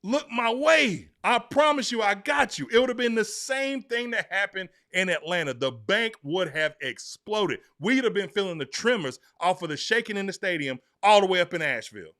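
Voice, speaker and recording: A man co-hosting a sports podcast, talking emphatically and excitably to his co-host. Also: high-pitched, moderate pace, few pauses. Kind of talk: animated sports talk.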